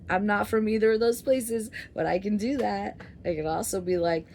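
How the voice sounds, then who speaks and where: A woman in her forties rambles candidly to her viewers, swearing freely and letting her voice swing from loud outbursts to quiet asides. She records outdoors, and a faint wash of outdoor ambience sits behind her mid-range voice. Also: mid-range voice, steady tone, slow pace, a little hiss or hum. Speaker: vlogger. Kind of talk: casual rambling monologue. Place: outdoors under a flight path.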